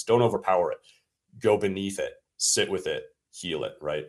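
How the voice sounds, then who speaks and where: A man with a fairly low voice talks as a guest coach on an interview podcast. He is earnest and reflective, and he often stops to rephrase himself. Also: a little fast, a bit bright. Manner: earnest, reflective, self-correcting. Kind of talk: conversational interview.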